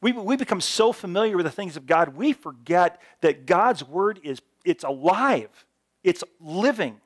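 A man preaching a sermon in an animated, storytelling way, swinging between loud and soft. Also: high-pitched, measured pace. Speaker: pastor.

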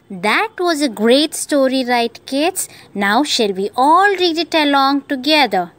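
A woman teacher reading a children's story aloud to young kids in a slow, encouraging voice. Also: sits high, lively intonation, fairly bright tone, no room sound. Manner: slow, sing-song, encouraging.

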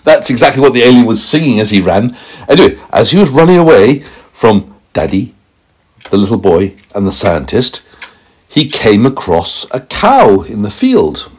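A man's voice: normal speed, husky. A man improvising a playful bedtime story for a small child at home. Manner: animated, playful, pitch swooping for emphasis. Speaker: parent storyteller.

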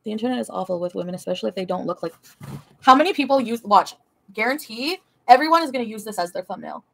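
Fast-talking woman ranting at her chat. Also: on the high side, animated, vocal fry. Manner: profane, heated, confrontational. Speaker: livestreamer answering chat. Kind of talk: angry livestream rant.

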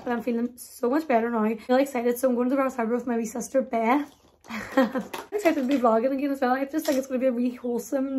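Young woman, quick chatty talk, fairly high voice, hushed vlog at home. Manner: chatty, hushed, frequent "like" and "wee". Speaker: vlogger. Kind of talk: casual chat to camera. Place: home bedroom, getting ready.

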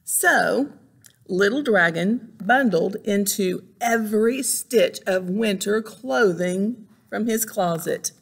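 A woman reading a picture book aloud to children as a librarian, animated, exclaiming and making sound effects. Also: mid-range voice, takes it slowly, gravelly, husky.

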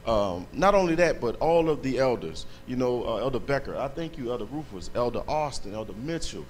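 Brief: man, mid-pitched, fervent church testimony, emphatic and thankful, faint noise behind. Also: animated, a little fast. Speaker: congregation member giving testimony. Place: church service.

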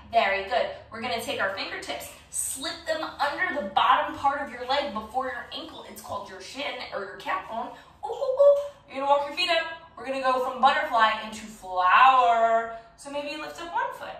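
A woman's voice: high-pitched, fairly bright tone. A woman leading a children's yoga class with a playful, encouraging, sing-song manner. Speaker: kids yoga teacher. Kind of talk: guided kids yoga instruction. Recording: very echoey room from a distance.

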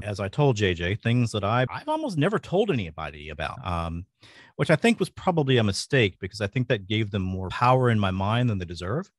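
A middle-aged man from rural Louisiana with a mostly neutral American accent and a faint Louisiana trace, talking fast and thoughtfully as a podcast guest. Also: fairly low pitch, no room sound, studio quality. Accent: mostly neutral American, slight Louisiana. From rural Louisiana, USA. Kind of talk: casual interview.

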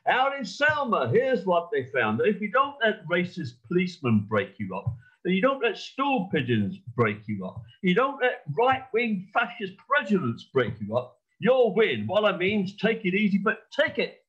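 A man performing a rhythmic talking blues recitation in a put-on American accent, with a lively, sardonic delivery. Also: high voice, normal speed, muffled recording. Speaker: folk club performer. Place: home during online session.

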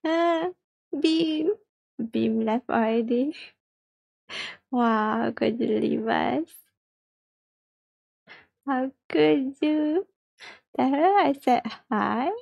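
A woman's voice: on the high side, takes it slowly, vocal fry, pauses often, dry recording, lo-fi sound. A woman livestreaming a mobile game, chatting casually with viewers, reading chat aloud and giggling often.

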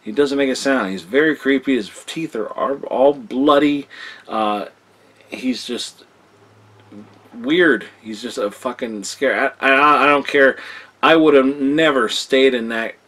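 A man's voice: mid-range voice, measured pace, fairly bright tone. Young guy reviewing films to camera, loose and rambling, lots of "uh" and "you know". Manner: rambling, repeats words with many fillers. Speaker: film reviewer. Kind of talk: casual video review.

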